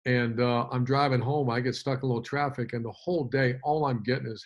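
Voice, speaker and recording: A middle-aged man, a football coach, telling a story in an interview, animated, with many restarts and fillers. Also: medium pitch, quick pace, dull audio.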